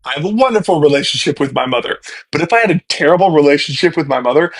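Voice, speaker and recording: A young man in his twenties talks casually to his followers, his voice sitting a bit higher than most men's. He rambles, wanders off on tangents and keeps restarting his sentences. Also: rapid-fire. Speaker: social media personality answering followers. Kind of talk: casual chat straight to followers.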